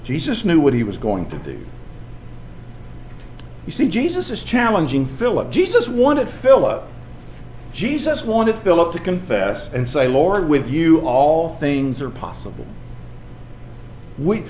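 Animated man preaching a sermon. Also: fairly high pitch, normal speed, reverberant, slight background noise. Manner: storytelling, animated, acts out quoted voices.

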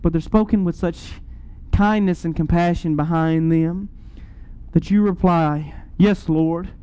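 A man's voice: fairly high pitch, steady tone, unhurried, dark tone, clear, resonant tone, poor audio. A man preaching a sermon, earnest and rising to emphatic peaks.

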